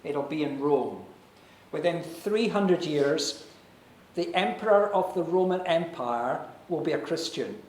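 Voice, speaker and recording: A man preaching a sermon as pastor, earnest and persuasive, with dramatic pauses. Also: on the high side, animated, darkish tone, a little hiss or hum. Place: church hall. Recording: echoey church hall.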